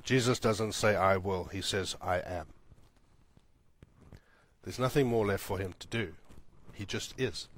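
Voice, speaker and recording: A man preaching a sermon as pastor, repeating lines for emphasis, building loud and high, then dropping soft and low. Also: unhurried, long pauses. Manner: swells louder and higher when building to a point, then drops soft and low.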